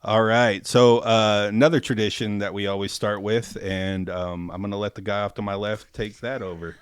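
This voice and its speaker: A man's voice: fairly low pitch, fairly even intonation, normal speed, clear, resonant tone, no room sound, studio quality. A man hosting a podcast, chatting casually, laughing and swearing as he tells stories. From half Mexican father, raised in US. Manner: laughing, swearing, loose storytelling. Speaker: podcast host.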